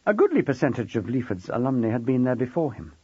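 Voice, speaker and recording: A man reading a novel aloud as an expressive, wry audiobook narrator. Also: medium pitch, quick pace, slightly rough, no room sound, highs cut off.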